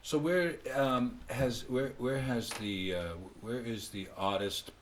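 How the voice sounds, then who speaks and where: A man's voice: medium pitch, slow pace. A man co-hosting a radio talk show, asking questions casually and often restarting his sentences. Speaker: radio co-host. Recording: distant mic, faint background hum.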